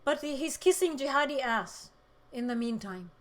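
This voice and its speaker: A woman from the Middle East hosts a political livestream, reading chat comments and speaking emotionally, close to tears, swinging between loud outbursts and quiet moments. Her voice is high with lively intonation, at normal speed.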